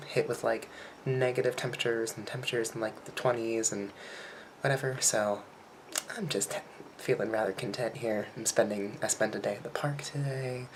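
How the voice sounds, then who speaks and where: A young American man chatting casually in a travel vlog, rambling and laughing often into a handheld camera. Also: mid-range voice. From United States. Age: young adult. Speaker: vlogger. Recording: loud background noise.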